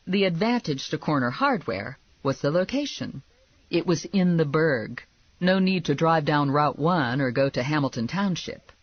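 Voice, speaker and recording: A woman's voice: low-pitched, breathy edge, no room sound, dull audio. A woman narrating a novel in the first person, in a wry, conversational storytelling manner. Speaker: audiobook narrator.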